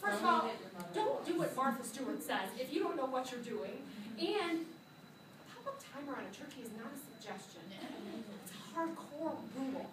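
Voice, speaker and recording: A woman microbiology teacher telling a funny story to her class, animated and laughing as she acts out what people said. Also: high-pitched, moderate pace, background noise. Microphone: phone camera from a student's seat. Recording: echoey classroom filmed from far off.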